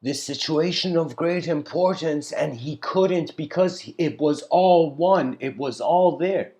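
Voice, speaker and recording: A man giving a reflective spiritual lecture, telling stories slowly with pauses and letting his voice trail off quietly. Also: fairly high pitch. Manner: unhurried storytelling with pauses.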